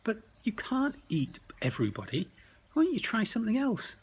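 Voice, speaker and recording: Dad doing a brave friendly monster hero, bit higher than normal, bouncy. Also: male voice, wildly swooping pitch, moderate pace, husky, heavily acted. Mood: kind. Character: brave kindly male monster detective.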